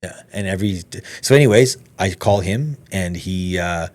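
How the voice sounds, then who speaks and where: A man, a podcast guest, telling a story in casual conversation, animated, swearing freely and acting out the dialogue. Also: low voice, normal speed.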